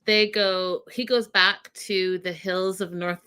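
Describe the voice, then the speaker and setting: This is a woman with a bright, forceful voice who talks at a slow, unhurried pace. She recaps reality TV in a casual, animated way, laughing along and calling the audience y'all. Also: medium pitch, clean tone.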